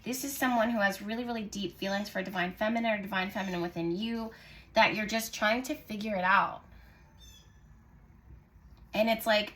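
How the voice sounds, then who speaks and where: Gentle musing woman reading tarot. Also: medium pitch. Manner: musing, intuitive, lots of "like" and "I just heard". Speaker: tarot reader and channel host. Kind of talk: casual tarot reading to camera.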